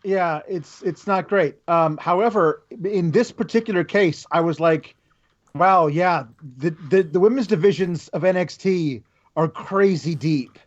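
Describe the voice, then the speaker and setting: A man with a notably high voice co-hosts a casual review podcast over dull, lo-fi audio. He chats in an animated way and slips into quick put-on voices when quoting others. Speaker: podcast co-host.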